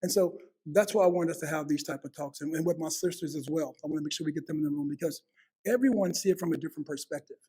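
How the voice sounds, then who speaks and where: A man's voice: fairly high pitch, fast talker, mellow, breathy edge. A man in his fifties hosting a heartfelt family conversation, earnest, often repeating words as he starts a thought. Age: 50s. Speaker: host.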